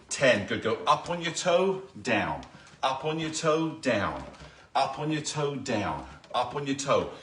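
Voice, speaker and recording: A man's voice: mid-range voice, a bit bright, slight background noise. A man leading a live-streamed balance workout, counting reps aloud and giving step-by-step coaching. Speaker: balance fitness instructor. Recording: echoey room, voice from a distance.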